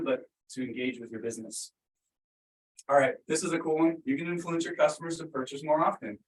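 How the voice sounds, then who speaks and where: A man at a business workshop talks to a live audience in a mid-range voice, casual and upbeat with many fillers. The mic is far from him, so his voice comes from afar in an echoey room, with a little hiss or hum.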